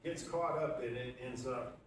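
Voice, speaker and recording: A man's voice: mid-range voice, normal speed. A man preaching a conversational sermon, teaching verse by verse and asking the congregation questions. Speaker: pastor. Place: church sanctuary. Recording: echoey church room from far off, audible background noise.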